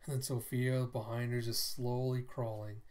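A man reads through a comic book aloud and narrates the panels in a loose, conversational way. His voice sits at an ordinary middle pitch. He sounds like he is talking to viewers. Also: level tone, normal speed, a little mellow. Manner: chatty, conversational retelling.

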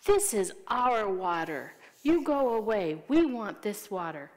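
A woman voicing a group of grown-men neighbors in a children's Bible story, speaking louder and more insistently. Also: mid-range voice, very animated, a little slow, long reverb tail. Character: the neighbors, a group of grown men, first angry then friendly.

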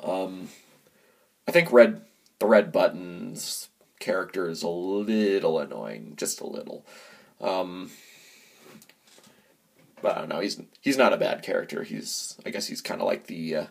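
Halting, slow, deep-voiced man. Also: vocal fry, slightly rough. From United States. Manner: halting, many filler pauses. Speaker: film reviewer. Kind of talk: casual movie review.

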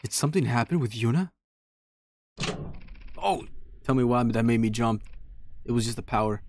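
A man's voice: medium pitch, lively intonation, normal speed, darkish tone, slight background noise. A man streaming a horror game, talking casually to himself and reading the game's text aloud as he plays. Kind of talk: casual let's-play commentary.

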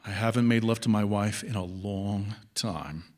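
Man reading his fiction aloud. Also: fairly low pitch. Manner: measured, expressive first-person narration. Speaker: author.

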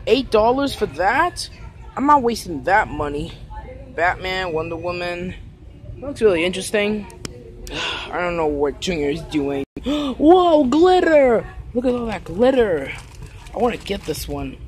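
A fussy, grumbling young turtle prince, voiced by a performer for a homemade toy puppet movie. He sighs and complains as he talks, and his pitch moves around a lot.

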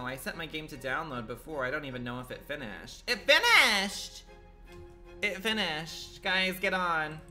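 A man chatting on a gaming livestream, his voice bright and swinging widely up and down. He rambles through filler words and curses freely. Faint music plays behind him. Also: on the high side. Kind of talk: casual gaming livestream chat.

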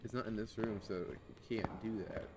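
A man's voice: lowish voice, steady tone, moderate pace, background noise. A man in casual chat with friends while playing a game, often stumbling and restarting his words. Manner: hesitant, stumbling over words. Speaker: gamer.

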